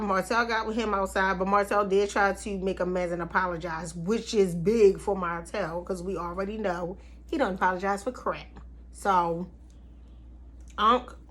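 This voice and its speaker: A woman's voice: medium pitch, a bit bright. A woman recapping a reality TV episode in a casual, chatty way, with slangy asides and frequent laughs. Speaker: TV recap vlogger.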